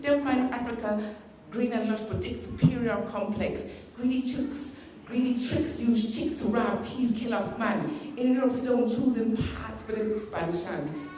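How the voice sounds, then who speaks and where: A woman's voice: medium pitch, mellow, far from the mic, slight background noise. A woman with a Guyanese Caribbean patois accent, performing spoken word poetry with a rhythmic, emphatic delivery. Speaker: performance poet. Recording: echoey hall, heard from afar.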